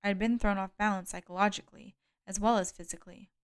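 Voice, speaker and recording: A woman narrating a first-person thriller audiobook. Her reading is measured and steady, letting the tension build through even pacing. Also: mid-range voice, clean tone. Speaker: audiobook reader.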